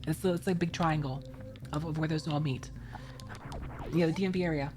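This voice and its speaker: A woman's voice: low voice, fairly even intonation, fairly quick, over music. A woman streamer chatting casually while playing a game, laughing often and thanking viewers from chat.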